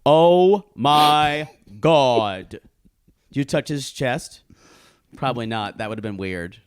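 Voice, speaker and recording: A man's voice: lowish voice, moderate pace, clean tone, dry recording, clean studio sound. A man co-hosting a podcast, reacting to his friend's stories with gasps, quips and jokes. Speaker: podcast co-host. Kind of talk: casual chat.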